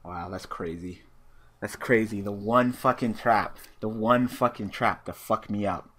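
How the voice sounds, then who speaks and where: This man's voice sits on the low side and he takes his time as he narrates his online card game match live. His commentary is casual and full of swearing, and he gets excited and talks at his opponent.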